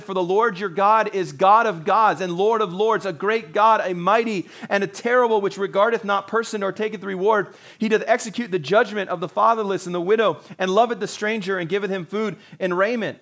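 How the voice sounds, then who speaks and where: High-voiced man preaching a casual sermon. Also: a bit bright. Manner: conversational, acts out quotes in little voices. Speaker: pastor.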